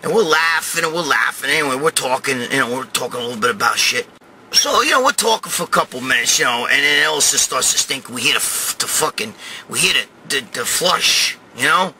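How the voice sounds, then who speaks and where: A middle-aged man from New York hosting his own show, telling a crude, profane story and shouting in bursts. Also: mid-range voice, animated, fairly quick, a little hiss or hum. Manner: loud, crude, swears constantly, shouts in bursts. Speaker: host. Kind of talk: profane storytelling rant to camera.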